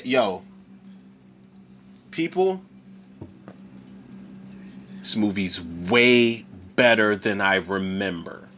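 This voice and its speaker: A man from Philadelphia hosting a tipsy movie commentary, talking in an excitable, profane way with laughing asides. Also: mid-range voice, lo-fi sound. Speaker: podcast host.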